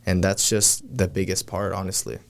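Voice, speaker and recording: A man's voice: deep voice, flat delivery, vocal fry. A man speaking as a podcast guest in casual chat, full of you know and like as he talks. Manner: quick, filler-heavy, says you know and like often. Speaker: podcast guest, sales agent.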